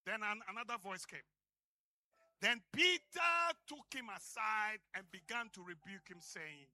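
A man preaching a sermon, swinging from booming peaks to hushed low phrases and firing questions at the congregation. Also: lively intonation, measured pace.

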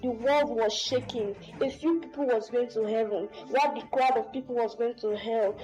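A woman's voice: on the high side, fairly even intonation, normal speed, a little mellow, rough recording. A woman recounting a dream of judgment, pleading with her listeners. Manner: pleading, addresses listeners as brothers and sisters. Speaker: testimony speaker. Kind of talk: personal testimony, pleading. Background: music.

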